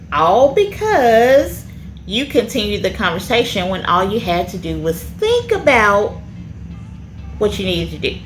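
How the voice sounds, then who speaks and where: Lively woman teaching a children's lesson. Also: mid-range voice, slight background noise. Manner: animated, checks in often with "okay?".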